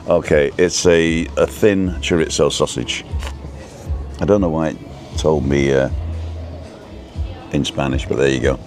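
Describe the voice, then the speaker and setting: Man, very low voice, casual live stream host, reading menu items aloud, faint music behind. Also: steady tone, takes it slowly, long pauses, a little mellow. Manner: reads a menu aloud and chats with viewers. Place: outdoors at a scenic viewpoint cafe.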